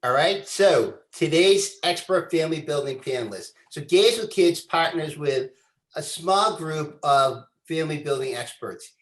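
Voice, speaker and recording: A man's voice: fairly high pitch, unhurried, a bit bright. Earnest man hosting, echoey room. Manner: earnest and formal, says "quite frankly". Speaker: webinar host. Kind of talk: webinar introduction.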